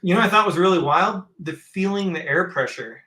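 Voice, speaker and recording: Bright-voiced man in a roomy space. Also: sits high, fairly quick. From northern Arizona. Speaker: podcast host. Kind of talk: casual chat.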